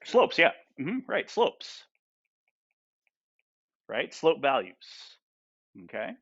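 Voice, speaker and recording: A man's voice: mid-range voice, sing-song, takes it slowly, a bit bright, no room sound, highs cut off. A male math teacher lecturing a class. He asks the students lots of questions and keeps checking in with "right?" and "okay?".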